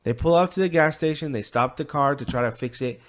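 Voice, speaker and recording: This podcast co-host has a slightly high voice and speaks fairly quickly as he retells a story in casual conversation. He rambles, curses, and fills it with filler words and voices he quotes.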